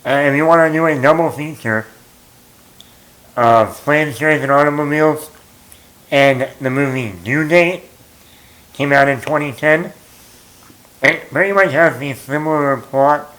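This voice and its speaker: A man's voice: fairly high pitch, a little slow, pauses often, fairly bright tone, poor audio. A man chatting casually as a movie vlogger, telling a story in a rambling, self-mocking way with lots of fillers.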